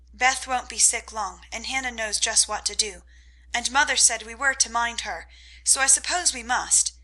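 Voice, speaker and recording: A woman's voice: a little high, pushed and bright, poor audio. A woman voicing a sensible, worried young eldest sister, earnest and proper.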